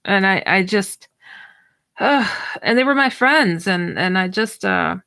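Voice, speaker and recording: A woman guest and paranormal researcher telling a personal story in an animated, rambling way, full of false starts, her pitch leaping up when she acts out her own reactions. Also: slow pace, gravelly. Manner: excitable, jumps high when acting out her own reactions. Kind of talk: animated personal storytelling in an online audio chat.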